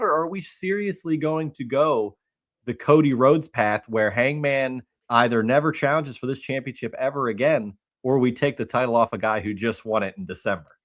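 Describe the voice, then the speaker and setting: A man's voice: medium pitch, expressive, normal speed. A man hosting a casual live-streamed wrestling chat, asking loose, off-the-cuff questions. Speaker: podcast host.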